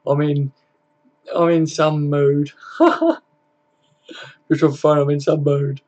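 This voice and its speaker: A man's voice: on the high side, flat delivery, slow, darkish tone, lo-fi sound. A man hosting a casual live stream, chatting laid-back with viewers, greeting them by name and swearing freely.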